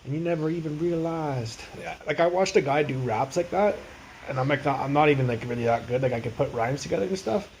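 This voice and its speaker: A man's voice: medium pitch, fast, gravelly, a little hiss or hum, low-quality recording. A young man livestreaming from his phone, telling profane, rambling street stories in casual chat.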